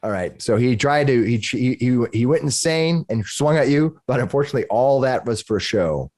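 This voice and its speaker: Animated man running a tabletop game. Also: medium pitch, normal speed. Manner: animated, narrates the monsters' actions with relish. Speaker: dungeon master.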